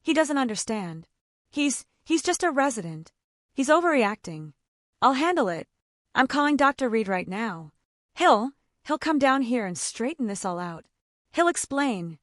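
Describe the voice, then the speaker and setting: A woman's voice: on the high side, very animated, a little slow, no echo, studio quality. A woman reading the lines of a scheming, desperate young husband who snaps and whispers. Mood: snappish. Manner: snapping, strained whispers.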